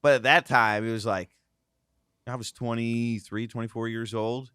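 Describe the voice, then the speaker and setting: A man in his thirties telling a casual, animated story on a podcast, acting out the voices of the people in it. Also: mid-range voice, moderate pace, smooth, no echo, clean studio sound. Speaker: guest host, former racing driver.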